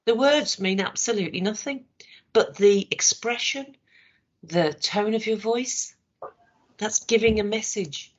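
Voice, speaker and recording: Hoarse woman leading a training session. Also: medium pitch. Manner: conversational, asks rhetorical checks. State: hoarse, voice worn. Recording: dull lo-fi recording.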